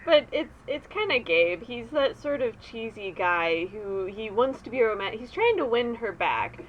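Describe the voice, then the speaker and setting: A woman's voice: fairly high pitch, animated, moderate pace. Laughing woman podcast co-host. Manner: laughs often, chimes in with quips and agreement. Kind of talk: casual chat recapping a TV episode. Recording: dull lo-fi sound with faint hiss.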